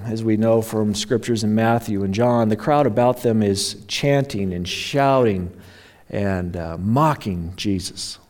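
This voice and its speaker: Male pastor, low mellow voice, dramatic sermon delivery with acted-out quotes. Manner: dramatic preaching, voices the mocking crowd and criminals.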